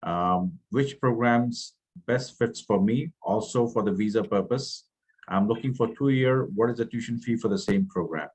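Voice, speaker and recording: A man with a fairly low voice moderating an online open house. He reads out viewers' questions politely and hesitates with "um" often. He is heard over a video call. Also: normal speed, darkish tone, husky, poor audio. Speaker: webinar moderator. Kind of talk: reading audience questions.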